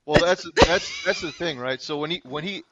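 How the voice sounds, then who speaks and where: A man, a public defender, telling a courtroom story on a podcast in an animated, profane, casual way. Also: a little high, noisy background. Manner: animated, profane, fast-moving anecdote. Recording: slightly dull lo-fi sound.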